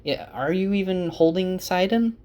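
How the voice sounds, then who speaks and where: A man voicing a young woman channeler who is earnest and scolding, speaking a little higher and insistently. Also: normal speed, a little mellow, lightly acted.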